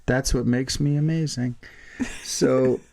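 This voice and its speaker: A man's voice: mid-range voice, steady tone, slow pace, gravelly, a little mellow. Teasing man telling stories, laughing. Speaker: podcast co-host. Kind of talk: casual chat.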